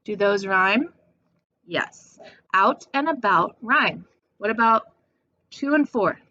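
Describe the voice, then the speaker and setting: Woman, young adult, teacher, recorded remote lesson, patient, very slow, dry close sound. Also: medium pitch, lively intonation, pushed and bright, no room sound. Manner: slow, patient, reads verse aloud tapping out stresses. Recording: dull lo-fi home recording.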